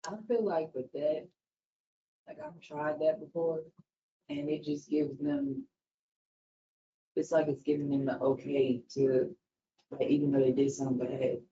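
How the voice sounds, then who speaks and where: A woman with a deep voice speaks up from a workshop audience, groping for words as she goes. She sounds muffled and far off, with other attendees audible around her. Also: a little slow, long pauses. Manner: hesitant, filler-heavy comments. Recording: muffled, from across a room with crowd.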